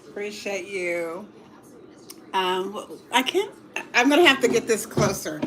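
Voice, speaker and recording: A middle-aged woman talks slowly and easily to her livestream viewers between bites of dinner. She laughs often and lets out little murmurs as she tastes, into a phone mic on the table. Faint clinks of dishes sit in the background. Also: mid-range voice, animated, background noise. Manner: chatty, laughs often, murmurs while tasting food. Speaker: livestream cooking host. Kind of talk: casual livestream chat while eating. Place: home dining table.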